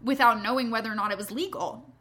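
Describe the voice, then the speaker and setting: A young woman with a high, bright voice tells a story on a chat show. She is animated and self-deprecating and swears freely. Her delivery is loose and conversational. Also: quick pace. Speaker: podcast co-host, stage performer.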